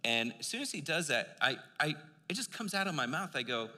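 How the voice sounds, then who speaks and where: A man's voice: on the high side, sing-song, brisk, sharp tone. An older man preaching a sermon in a church, telling a personal story in a loose conversational way with many fillers. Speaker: pastor. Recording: long hall reverb.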